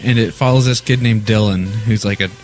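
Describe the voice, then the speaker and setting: A man's voice: fairly low pitch, steady tone, fairly quick, faint music behind. A young man co-hosting a casual podcast, giggling and joking as he recounts shows he has watched. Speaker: podcast co-host. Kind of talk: casual chat.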